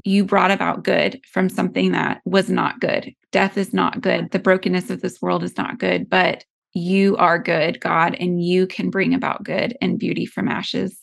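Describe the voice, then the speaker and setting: A woman hosting a faith-based interview, speaking in a gentle, earnest, prayerful way. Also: fairly low pitch, gravelly. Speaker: podcast host.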